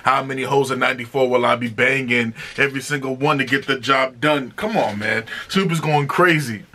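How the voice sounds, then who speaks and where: Bright-voiced excitable male reviewer. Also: medium pitch, a little fast. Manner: excitable, slangy, chatty. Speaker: music reaction host. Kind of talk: casual music reaction review.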